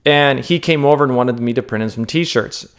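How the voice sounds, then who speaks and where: A man's voice: mid-range voice, normal speed, clear, resonant tone. Earnest man giving unscripted self-help advice. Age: 30s. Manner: earnest and emphatic, repeats key words; checks in with the viewer with "okay?".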